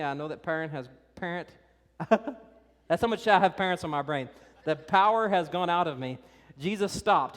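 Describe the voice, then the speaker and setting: A pastor preaching a sermon in a conversational, animated way, talking directly to the kids and teenagers in the congregation. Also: male voice, fairly high pitch. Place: church. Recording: reverberant church hall.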